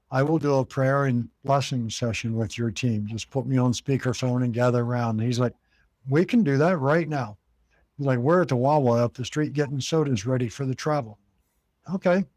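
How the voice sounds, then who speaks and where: Recorded with no echo, a man from the United States recounts a lengthy tale about his haunted cabin during an interview. His voice is medium in pitch and darkish, and he performs the quoted voices of the people involved.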